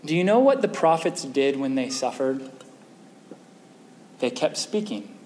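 A man's voice: mid-range voice, sing-song, measured pace, a little mellow. A male pastor preaching a sermon in a conversational way, often asking the congregation questions. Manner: conversational, asks the audience questions. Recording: echoey hall with faint noise.

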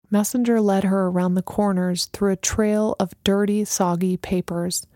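A woman narrating a story in a measured, even storytelling manner. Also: medium pitch, dry recording, studio quality. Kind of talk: audiobook narration.

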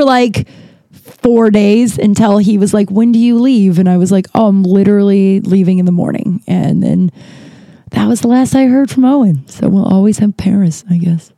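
Woman, podcast host, casual chat, rambling, candid, mellow voice, dry sound. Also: mid-range voice, gravelly, no room sound. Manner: rambling, candid, lots of fillers and restarts.

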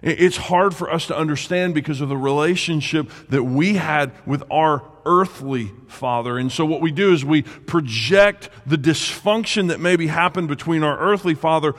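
A man preaching a sermon as a pastor. He draws his words out and lets key lines sink to a near hush. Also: a little high. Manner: slow, drawn-out delivery that sinks to a hush on key words. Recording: reverberant hall.

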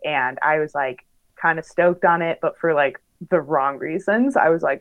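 A woman's voice: sits low, moderate pace, highs cut off. A young woman, a professional bike racer, chatting casually in an interview with lots of fillers and laughs. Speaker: pro bike racer guest.

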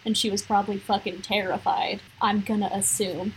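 A woman's voice: medium pitch, flat delivery, normal speed, slight background noise, low-quality recording. A young woman co-hosting a podcast, talking bluntly and emphatically in a casual chat, with many fillers. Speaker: podcast co-host.

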